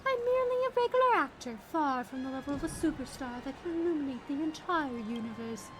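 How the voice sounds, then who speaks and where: A suave male galactic superstar speaks with smooth, formal politeness and modest grace. A woman acts him out, keeping the voice high and animated. The home stream mic carries a steady hiss of background noise. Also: brisk. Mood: gracious.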